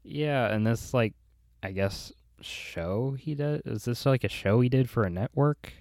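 A man's voice: medium pitch, measured pace, vocal fry, a little mellow, no echo. A young man in casual film chat, talking in a dry, critical way and often repeating words as he starts.

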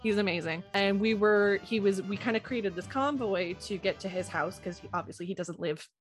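A woman's voice: mid-range voice, moderate pace, faint music behind. A woman, co-hosting a podcast in casual chat, self-mocking and acting out quoted voices. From Canada. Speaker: podcast co-host.

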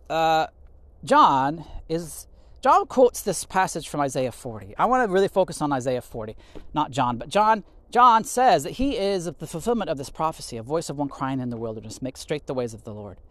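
Soft-trailing man teaching scripture, dry sound. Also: on the high side, no echo. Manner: rambling, restarts often, reads scripture aloud; trails off softly at phrase ends. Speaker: podcast host and teacher. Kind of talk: informal Bible teaching.

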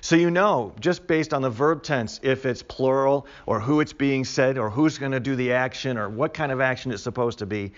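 A man's voice: mid-range voice, moderate pace, few pauses, muffled recording. A man teaching a Bible study class in a conversational way, repeating key words with emphasis for the group.

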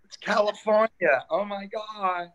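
Bright-voiced older man telling stories. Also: sits high, a little slow, highs cut off. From New York. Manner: animated storyteller acting out quoted exchanges. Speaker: comedian guest. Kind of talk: casual storytelling chat.

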